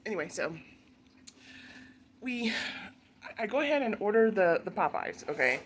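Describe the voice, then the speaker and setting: A woman's voice: mid-range voice, lively intonation. A woman vlogger talks through a long story in a loose, rambling way, full of side remarks and easy laughter. Her voice sits in a middle range, and a faint hiss runs underneath. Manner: rambling, chatty, quick asides and laughs. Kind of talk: casual storytelling.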